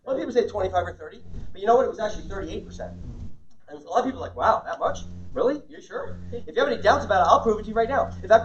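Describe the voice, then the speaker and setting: A man giving a lively sales seminar, quizzing and engaging a live audience. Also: sits high, a little hiss or hum. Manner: energetic, interactive, quizzes the audience. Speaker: sales trainer. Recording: distant, dull lo-fi room recording.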